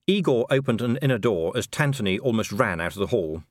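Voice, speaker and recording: A man reading a comic fantasy novel aloud. His narration is wry and expressive, with a lively pitch. The recording is close and dry. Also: fairly quick, hardly any pauses, no echo. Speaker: audiobook narrator. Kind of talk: scripted narration.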